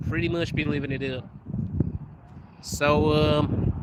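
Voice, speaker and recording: A man's voice: fairly high pitch, flat delivery, slow pace, long pauses, heavy background noise. A young man from Africa livestreaming outdoors as he walks a cold city street, joking casually with viewers and laughing often. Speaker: livestreaming vlogger.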